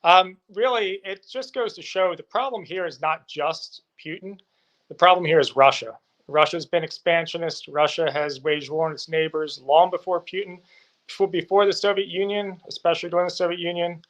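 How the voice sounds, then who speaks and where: Firm, slightly high-voiced male guest. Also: fairly even intonation, moderate pace, a bit bright. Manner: firm, assertive, with occasional fillers. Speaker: guest reporting from Ukraine. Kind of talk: remote interview answers.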